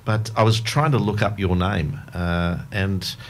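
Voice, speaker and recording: Male radio host, very low voice, rambling casual studio chat. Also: fairly even intonation, unhurried, a little hiss or hum. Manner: chatty, rambling, with many ums.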